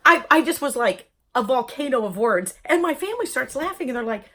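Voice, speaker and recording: A woman recounting her own experience in a vlog, full of humor and little acted-out voices. Her voice sits a little high and leaps around in pitch as she talks. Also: fast talker, few pauses. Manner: lively, jokey, acts out voices in quotes. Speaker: vlogger telling her own story. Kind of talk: animated personal storytelling.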